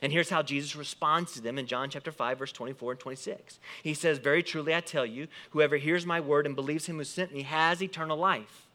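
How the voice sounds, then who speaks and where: A man preaching a sermon, quoting scripture and explaining it with lively emphasis that rises and falls. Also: fairly high pitch. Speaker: pastor.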